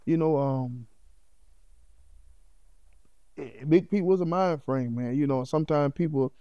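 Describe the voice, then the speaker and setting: As a podcast guest, this middle-aged man talks at a moderate pace in a slightly high voice with a warm, dark tone. His storytelling is lively and sincere, punctuated by "you know what I mean." The sound is muffled and dry, with no echo or room around it.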